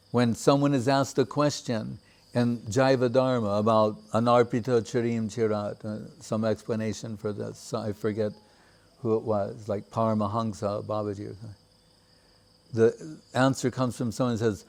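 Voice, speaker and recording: A man giving a measured, reflective devotional talk with many pauses. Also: fairly low pitch, steady tone, vocal fry, a little mellow. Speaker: spiritual teacher. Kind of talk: devotional discourse.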